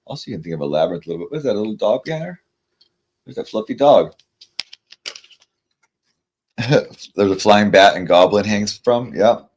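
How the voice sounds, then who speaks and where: A man giving tarot card readings in a casual livestream chat with viewers, rambling and stammering through restarts, and reading card messages aloud slowly. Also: lowish voice, animated, darkish tone. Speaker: tarot reader.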